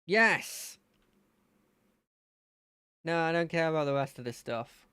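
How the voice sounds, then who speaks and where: A gaming streamer chatting casually while playing, with a lively, up-and-down voice. The tone stays relaxed as they think aloud, and the close mic sounds dry. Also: medium pitch, slow pace, clear, resonant tone, no echo. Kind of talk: casual let's-play commentary.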